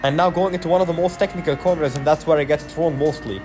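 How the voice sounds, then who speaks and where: A man narrates his sim race in a quick, explanatory voice-over. His voice sits slightly high. Background music plays under him. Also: steady tone. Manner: explanatory, matter-of-fact. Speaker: sim racing channel host.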